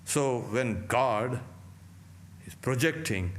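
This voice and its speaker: A man, a monk, giving a lecture on scripture in slow, deliberate phrases with long pauses, asking rhetorical questions and answering them himself. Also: mid-range voice, lively intonation, slight background noise. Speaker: monk teaching scripture class.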